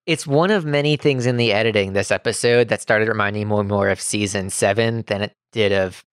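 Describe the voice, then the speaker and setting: A man's voice: on the low side, fairly quick, clear, resonant tone, no room sound, clean studio sound. A man co-hosting a podcast in casual chat, opinionated and arguing his point. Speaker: podcast co-host.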